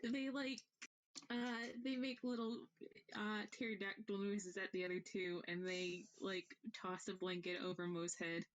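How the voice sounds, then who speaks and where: A woman player in a tabletop game speaks slowly as she tells a tale. When she describes her character's actions, she hedges with many fillers. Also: mid-range voice, level tone. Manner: slow, storytelling. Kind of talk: tabletop role-play.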